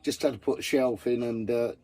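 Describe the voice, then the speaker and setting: A man's voice: medium pitch, steady tone, fairly quick, dark tone. A man chatting casually to camera about his camper van, blunt and full of swearing. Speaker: vanlife vlogger.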